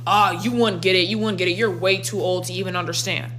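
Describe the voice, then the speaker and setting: Lady doing smug teen boys teasing her, low-ish voice. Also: steady tone, fast talker, a bit bright, slight background noise, natural voice. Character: group of cocky teenage boys.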